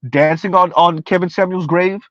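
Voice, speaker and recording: A man's voice: high voice, little pitch movement, moderate pace, fairly bright tone, no echo. A man under forty giving casual live-stream commentary, emphatic and repetitive, ranting and laughing often. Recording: dry, slightly dull lo-fi sound.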